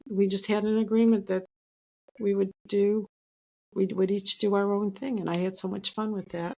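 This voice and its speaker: A woman animal communicator telling stories in a casual video-call chat, laughing often. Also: mid-range voice.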